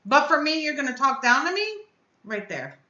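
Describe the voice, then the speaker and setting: A woman's voice: high-pitched, sing-song, normal speed, bright, forceful tone, reverberant, highs cut off. A woman hosting her own live stream as a reviewer, upset and blunt, venting and cursing as she speaks to her chat. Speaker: vape reviewer and channel host.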